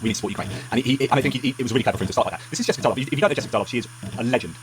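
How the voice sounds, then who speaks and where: A man's voice: medium pitch, rapid-fire, a little hiss or hum. A man giving heated political commentary, angry and emphatic, ranting with many restarts.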